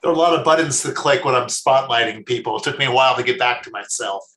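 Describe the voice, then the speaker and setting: A man, a rabbi, telling a story in a sermon, measured and slowing down for emphasis. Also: mid-range voice, fairly bright tone. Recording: echoey room.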